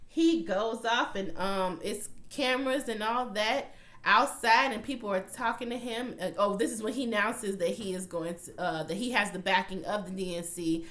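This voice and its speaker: Woman host, casual recap, animated, swears a lot, acts out the characters' quotes. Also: mid-range voice. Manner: animated, profane retelling, acting out character quotes.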